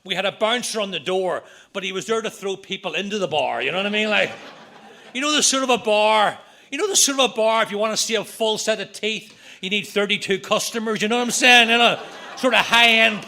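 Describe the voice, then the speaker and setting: A middle-aged Northern Irish man speaks at a recovery meeting, telling his story as a string of jokes and punchlines. His voice sits high and has a gravelly edge. His tone is bright and sharp. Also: slight background noise. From Northern Ireland. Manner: joking storyteller, quick punchlines.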